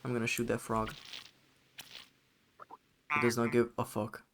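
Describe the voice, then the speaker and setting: A man casually commenting on his gameplay as a streamer, relaxed, chatty and playful. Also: medium pitch, measured pace, background noise.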